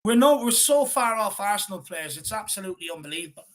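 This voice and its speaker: A man's voice: high-pitched, lively intonation, fast talker, fairly bright tone. A man on a fan panel ranting angrily about his team's play, swearing constantly. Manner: swears constantly, rants at the team. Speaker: fan pundit.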